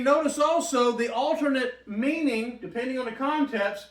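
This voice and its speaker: A man's voice: extremely high pitch, moderate pace, hardly any pauses, fairly bright tone. A man teaching a Bible study in a church room, talking conversationally and putting questions to the group. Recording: roomy, from a distant mic.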